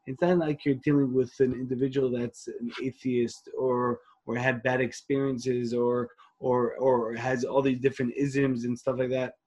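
This interview guest, a rabbi from Queens, New York, who leads an organization, shares his story earnestly, often restarting and mixing in Hebrew and Yiddish phrases. His mid-range, darkish voice stays level at a moderate pace with hardly any pauses, and the sound is lo-fi.

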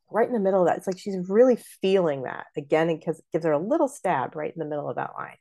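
A woman's voice: sits low, animated, fast, few pauses, warm tone. A middle-aged woman hosting a podcast, chattily explaining how to speak verse, with lots of fillers. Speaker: podcast host and theater artistic director.

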